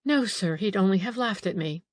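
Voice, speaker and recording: A woman's voice: mid-range voice, animated, normal speed, no room sound, lightly acted. A woman voicing a frightened middle-aged female housekeeper in an audiobook, anxious and eager to please. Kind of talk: audiobook character reading.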